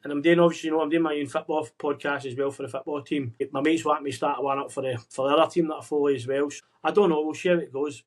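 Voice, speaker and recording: A man's voice: a little high, fairly even intonation, racing. A man guest speaking earnestly and encouragingly on a video call, giving motivational advice in casual chat and calling the host "mate". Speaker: podcast guest. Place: remote conversation across the world.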